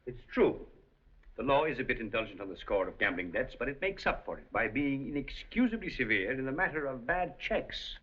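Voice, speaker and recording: A man speaks in a medium-pitched, sing-song, fairly quick voice, bright and slightly rough, as an older scheming casino operator from a 1930s film. Urbane and commanding, the character sounds dryly amused and coolly menacing on the dull old soundtrack.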